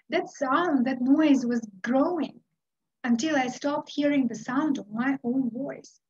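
A middle-aged woman from Uzbekistan tells a story with a high voice and a slow, dramatic delivery full of pauses. The recording sounds dull and lo-fi. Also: darkish tone, breathy edge. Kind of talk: storytelling speech.

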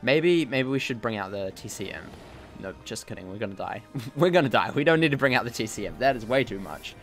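A man's voice: medium pitch, lively intonation, fairly quick, a bit bright, faint music behind. A man giving casual, jokey commentary while playing a video game, mocking himself and exclaiming at what happens. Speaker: gaming channel host.

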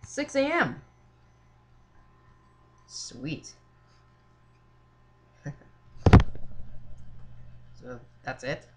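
Gamer voice for a horror playthrough: animated pitch, foul-mouthed, filler-heavy chatter, loud outbursts. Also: extremely slow, pauses often, heavy background noise. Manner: swears a lot, shouts at jump scares; filler-heavy, says "like" and "seriously" often. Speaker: gamer playing a horror game. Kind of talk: let's play commentary.

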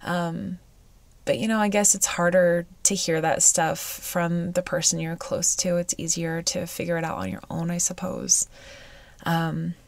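A woman hosting a personal podcast, weepy and close to tears, speaking in halting, searching phrases with frequent sighs. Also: on the low side, little pitch movement, vocal fry, no room sound. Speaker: podcast host.

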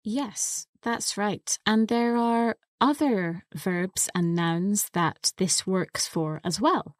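A woman co-hosting an English lesson podcast, patiently explaining words step by step in a clear teaching manner. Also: medium pitch, slow pace, no echo, studio quality.

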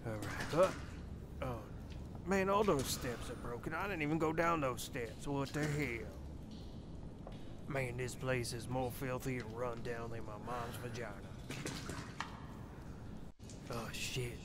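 Over game ambience, a man in a mid-range voice plays a crude, dim-witted character poking around a derelict house in a comedic game parody dub. Speaking slowly with long pauses and light acting, he grumbles, rambles, and mutters vulgar remarks to himself.

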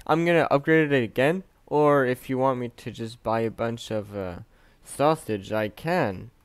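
A young man from Canada chatting casually over his gameplay, swearing often and swinging between mumbled asides and loud outbursts. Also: medium pitch, unhurried, clear, resonant tone, no echo. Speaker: gaming youtuber.

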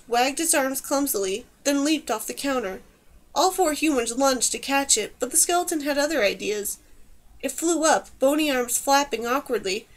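A woman narrating a fantasy audiobook with a high voice. She reads in a steady, even storytelling manner. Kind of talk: scripted narration.

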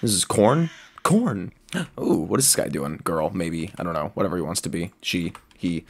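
A man giving excitable, jokey commentary while playing a survival game, squealing high whenever he is delighted. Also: normal speed, husky. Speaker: gaming video creator.

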